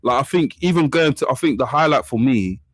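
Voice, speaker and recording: London guy, fast, animated storyteller, dry close sound. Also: mid-range voice, no room sound. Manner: animated storyteller, acts out quotes. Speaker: podcast guest co-host. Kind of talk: casual chat.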